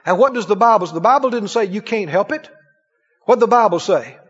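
A man's voice: sits high, animated, fast, breathy edge. A man preaching a sermon, chuckling often and asking the congregation questions. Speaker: pastor. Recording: dull, lo-fi sound in a reverberant hall.

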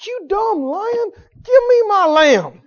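A man's voice: extremely high pitch, huge pitch swings, unhurried, muffled recording, pitched above the performer's own voice, heavily acted. A male preacher acting out a fearless young shepherd, defiant and mocking toward his foes.

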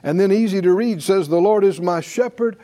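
A man preaches in a high, mellow voice at a brisk clip. He gives the verses an emphatic rhythm and repeatedly leads the congregation in call-and-response.

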